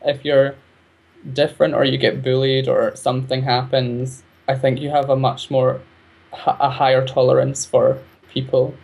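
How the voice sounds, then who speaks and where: A man's voice: medium pitch, flat delivery, normal speed, vocal fry, a little mellow, slightly rough. Chatty man, laughing guest. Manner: chatty, laughs often between points. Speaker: guest, arts project creator. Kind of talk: casual interview chat.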